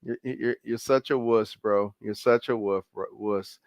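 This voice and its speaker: A man's voice: lowish voice, fairly even intonation, measured pace, no room sound. A man teasing his co-host in sarcastic, mocking banter.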